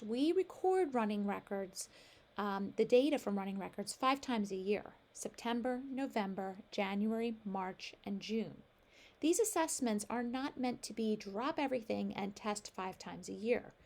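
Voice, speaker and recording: A woman giving a measured, explanatory voice-over narration for a teacher training video. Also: mid-range voice, darkish tone.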